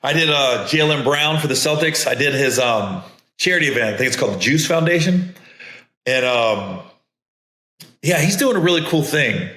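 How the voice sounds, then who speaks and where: A man's voice: mid-range voice, expressive, normal speed, bright, forceful tone. A man hosting a podcast, telling casual, rambling stories and mimicking other people's voices. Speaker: podcast host and comedian. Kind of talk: casual storytelling. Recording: echoey room.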